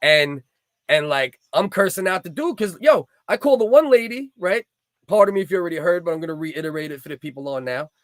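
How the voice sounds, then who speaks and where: A New man in his thirties hosts a livestream chat, swearing freely and rambling through heated stories. His voice sits somewhat high, and the recording is dry and close with no room sound. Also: lively intonation, fast, dry recording. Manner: profane, rambling, heated storytelling. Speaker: livestream host.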